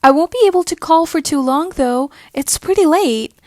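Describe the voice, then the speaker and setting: A woman's voice: high-pitched, lively intonation, moderate pace, darkish tone, no echo, voice pushed up. A woman voicing a young woman alone at night who stammers and grows scared, in a creepy story reading. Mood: uneasy. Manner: stammering, rising and insistent.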